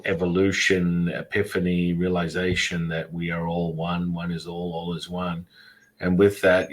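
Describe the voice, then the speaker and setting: A man hosting a podcast, talking in a rambling, casual way about spirituality, with many fillers and repeated words. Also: low-pitched. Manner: does animated voices when telling stories. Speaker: podcast host. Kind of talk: casual spiritual interview chat.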